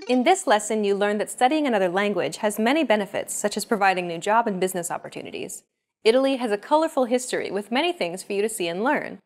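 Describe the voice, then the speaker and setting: Young woman, lesson host, explains steadily and clearly in a scripted read. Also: medium pitch.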